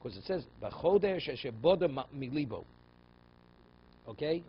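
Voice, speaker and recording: A man's voice: on the high side, lively intonation, normal speed, lo-fi sound, slight background noise. A man, a rabbi, teaching a daily Talmud class, explaining in English mixed with Hebrew and Aramaic terms and checking in with "right?" and "okay?". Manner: rhetorical questions, frequent "right?" and "okay?".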